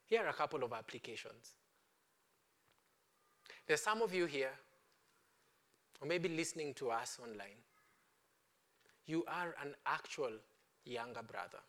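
A male preacher delivers an impassioned sermon in a high-pitched, sharply bright voice. He swings between ringing declarations and hushed, pleading appeals. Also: animated, a little slow, pauses often.

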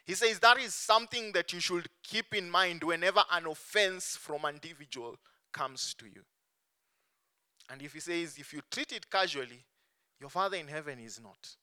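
A man preaching a sermon, stressing points strongly and letting phrase endings fall soft and low. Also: normal speed, clean tone. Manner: emphatic, swings between strong stresses and soft dropped endings.

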